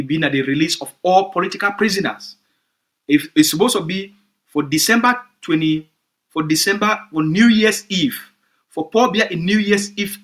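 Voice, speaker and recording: A man's voice: a little high, sharp tone. A man with a Cameroonian Pidgin English accent, giving an emphatic, repetitive political address to supporters as a movement spokesman.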